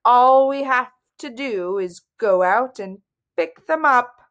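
A woman voicing a pompous young male wizard, haughty and theatrical, who climbs into shrill shrieks. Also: slow pace, fairly bright tone. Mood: smug. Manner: haughty, superior, rising to shrieks.

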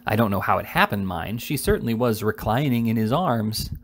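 A man voicing a timid middle-aged gentleman who speaks hesitantly and quietly. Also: on the low side, expressive, brisk.

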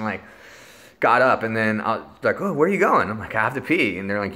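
A man's voice: a little high, huge pitch swings, a little fast, bright, forceful tone. A young man casually telling a rambling story, full of filler words and swearing. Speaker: vlogger.

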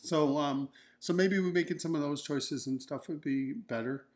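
A man's voice: a little high, normal speed, a little mellow. Joking man chatting casually. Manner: joking, rambling, playful. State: nursing a broken ankle. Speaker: co-host of a couple's keto vlog. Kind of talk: casual chat.

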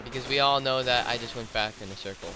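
A man's voice: mid-range voice, fast, noisy background. A man giving casual let's-play commentary, chatting through his own moves and getting easily alarmed. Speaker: gameplay commentator. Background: game music and gunfire.

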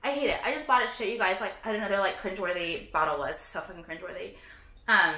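A woman's voice: mid-range voice, racing, pushed and bright. Profane, sarcastic woman in an echoey room. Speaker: vlogger reviewing products. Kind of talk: casual ranting vlog.

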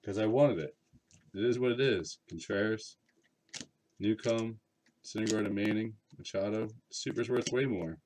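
A lowish, slightly mellow male voice at normal speed, carrying a faint hiss or hum. The card break streamer chats and rambles with his audience, reading out card names between comments.

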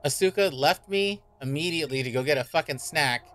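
A man's voice: a little high, a little fast, pushed and bright, a little hiss or hum. Jittery man giving casual game commentary. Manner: jumpy, reactive and profane, with repeated worried remarks. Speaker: streamer.

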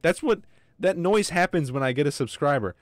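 A man's voice: fairly high pitch, animated, brisk, no echo, clean studio sound. Joking, swearing male game streamer. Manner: rambling, joking, swears a lot. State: wheezy breathing from asthma. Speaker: gaming streamer. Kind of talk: casual livestream chat.

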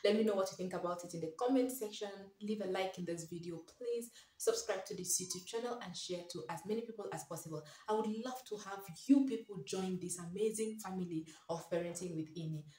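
A woman's voice: medium pitch, quick pace, hardly any pauses, warm tone, far from the mic. A mother giving parenting advice to camera in an earnest, emphatic way, repeating her key phrases and pleading with parents. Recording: echoey room.

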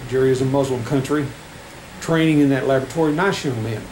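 A man's voice: medium pitch, a little mellow. Man preaching in an echoey church. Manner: reads scripture with rising emphasis, halting restarts. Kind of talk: sermon. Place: church sanctuary. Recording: echoey church room with faint air conditioning hum.

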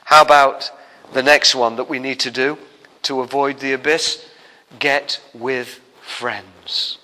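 A man preaching a sermon in a jokey, animated way, full of asides. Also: medium pitch, slow, long reverb tail, rough recording.

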